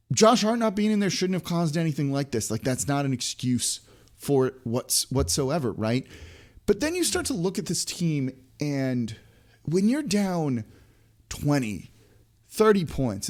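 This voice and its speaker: Frustrated, a man hosting a sports podcast rants on, with many restarts and rhetorical questions. His voice is medium in pitch and darkish in tone.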